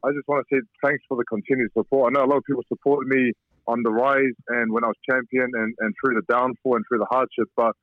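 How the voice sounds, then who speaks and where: A man's voice: medium pitch, level tone, fast talker, no echo. A man from New Zealand, a professional boxer, speaking earnestly in a casual phone interview, with frequent restarts. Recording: tinny, dry phone line.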